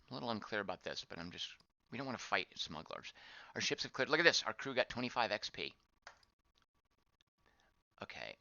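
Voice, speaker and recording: Man, game commentary, bright forceful voice, lively pitch, dry dull lo-fi sound. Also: no echo. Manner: thinks aloud, wondering and reacting to the screen. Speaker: game streamer. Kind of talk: casual gameplay commentary.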